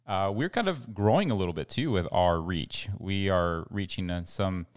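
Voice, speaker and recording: Low-voiced man co-hosting a podcast. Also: lively intonation, moderate pace. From El Paso, Texas. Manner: rambling, chatty, many fillers and restarts. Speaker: podcast co-host. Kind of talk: casual podcast chat.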